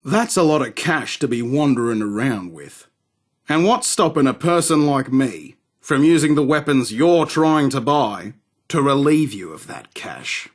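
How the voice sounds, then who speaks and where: A man's voice: medium pitch, lively intonation, unhurried. A man voicing a crude, swaggering arms dealer from in a game, sardonic and rude. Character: cocky, crude male London arms dealer. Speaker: game character. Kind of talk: game voice acting.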